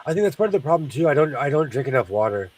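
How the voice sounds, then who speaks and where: A man's voice: medium pitch, sing-song, very fast, a little mellow, far from the mic, poor audio. Chatty congested man hosting a sewing stream. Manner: rambling, chatty, laughs often. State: congested, sinus trouble. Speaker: host of a sewing livestream. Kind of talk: casual chat while sewing.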